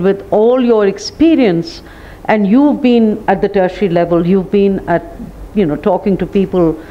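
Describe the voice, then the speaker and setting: A woman's voice: medium pitch, muffled recording, slight background noise. A woman moderating a festival panel, who reads a poem aloud and then puts a question to a panelist. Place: festival stage before an audience.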